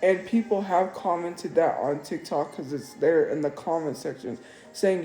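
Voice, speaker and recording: A woman's voice: sits low, moderate pace, warm tone. A woman on a live stream talking in an upset, defensive way and repeating herself. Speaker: livestreamer. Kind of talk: emotional live-stream monologue. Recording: echoey room, faint music.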